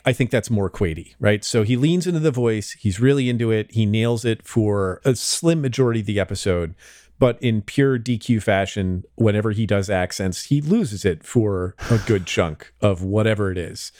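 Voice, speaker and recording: A man's voice: lowish voice, a little mellow, no echo, studio quality. A man co-hosting a podcast, chatting casually and rambling with lots of hedges. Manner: rambling, hedging with fillers. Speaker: podcast co-host. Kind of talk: casual chat.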